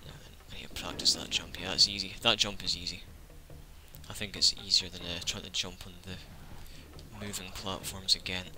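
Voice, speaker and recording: A man's voice: sits low, flat delivery, normal speed, noisy background. A man giving casual let's-play commentary, full of sarcastic, joking asides to the game.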